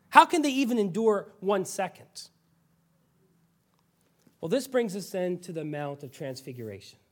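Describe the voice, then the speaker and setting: A male pastor preaching a sermon with animated storytelling, now and then dropping suddenly to a quiet voice. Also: high-pitched.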